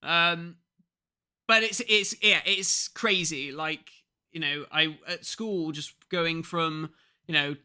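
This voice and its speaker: A man in his thirties from England co-hosts a casual podcast, telling stories with a fairly high, clean-toned voice at a slow pace. He's an animated storyteller who acts out the people he quotes.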